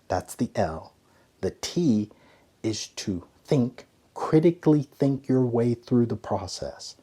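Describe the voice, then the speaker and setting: Husky man coaching with emphatic energy. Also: medium pitch. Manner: emphatic, conversational, swings from loud to hushed. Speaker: ethics and leadership coach. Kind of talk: motivational teaching talk.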